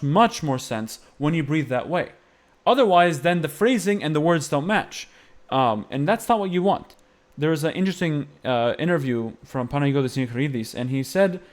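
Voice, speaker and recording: A man teaching Byzantine-style chant phrasing, explaining patiently and singing short phrases to demonstrate. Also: on the high side. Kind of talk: music lesson with sung demonstrations.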